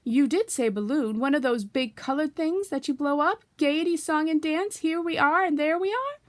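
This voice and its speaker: A woman voicing a gloomy, mournful old male donkey who talks slowly in a drawn-out, glum way, in a storybook reading. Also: high voice, no echo, pitched above the performer's own voice, close to an everyday voice.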